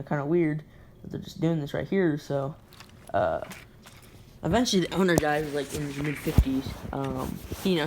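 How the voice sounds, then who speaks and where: Young-sounding woman, low voice, rambly storytime vlogger, faint hiss behind her. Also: a little mellow. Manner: rambling, filler-heavy slang talk. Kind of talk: casual storytime vlog.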